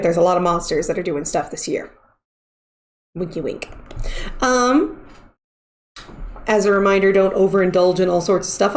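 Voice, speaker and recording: Woman streamer, casual rambling chat, lots of fillers, mid-pitched voice. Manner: rambling, chatty, frequent fillers.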